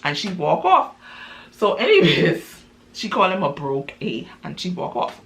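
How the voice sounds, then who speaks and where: Bright, chatty woman storyteller. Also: lowish voice, wildly swooping pitch, measured pace. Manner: chatty, many fillers and asides. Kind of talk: casual spoken storytelling.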